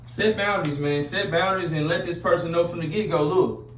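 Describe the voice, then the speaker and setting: A man's voice: on the high side, fast talker, a bit bright. Blunt preachy man, echoey room. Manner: blunt, preachy, repetitive, street slang. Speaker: relationship advice host. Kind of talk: casual monologue. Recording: echoey room with faint noise.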